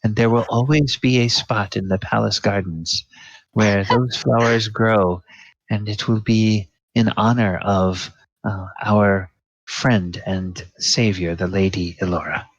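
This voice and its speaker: A man voicing a gracious royal woman who speaks in a formal, halting way. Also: on the low side, fairly even intonation, no room sound. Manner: stately, halting formal speech. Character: gracious, warm royal woman named Coyote. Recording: dull lo-fi dry recording.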